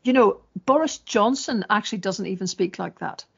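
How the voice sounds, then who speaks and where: A woman's voice: mid-range voice, normal speed, creaky, slightly rough. Sardonic woman podcaster. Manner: chatty, sardonic, quoting with mock voices. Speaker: podcast host. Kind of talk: casual political chat. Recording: dull lo-fi audio.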